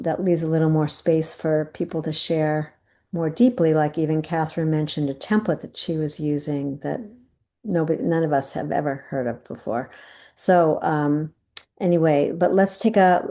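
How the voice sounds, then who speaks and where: Low mellow woman leading a group call. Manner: meandering, searching for words. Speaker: group facilitator.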